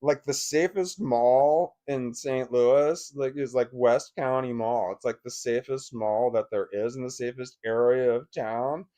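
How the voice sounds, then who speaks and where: A man at a middle pitch recounts a personal story to camera. He talks bluntly and emotionally, swears freely and keeps breaking off and restarting his sentences. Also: fairly even intonation, measured pace, hardly any pauses, mellow. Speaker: vlogger.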